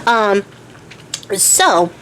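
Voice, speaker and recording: A woman's voice: mid-range voice, very animated, very slow, fairly bright tone, a little hiss or hum. A young woman retelling a myth casually as a craft channel host, chatty and slangy, often stopping to hunt for words. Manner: chatty, slangy, self-interrupting.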